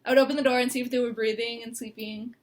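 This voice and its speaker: A woman's voice: fairly high pitch, steady tone, rapid-fire. A young woman in an emotional sit-down talk, rambling and laughing through tears. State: tearful. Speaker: co-host. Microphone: mic.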